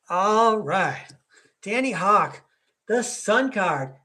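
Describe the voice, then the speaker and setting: His high voice is animated yet very slow, with long pauses and a bright, forceful tone. He's an American podcast host reading tarot cards live, chatty and folksy, rambling along and frequently laughing.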